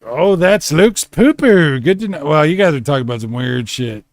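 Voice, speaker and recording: A man's voice: fairly high pitch, animated, normal speed, no echo. A man hosting a casual late-night stream, drunk, rambling and swearing as he reads chat aloud from home. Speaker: streamer host. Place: home room.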